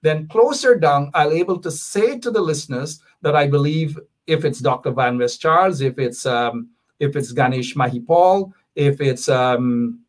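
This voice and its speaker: A man appearing as an activist guest on a talk show, explaining his position in a measured, deliberate way and repeating points for emphasis. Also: on the high side.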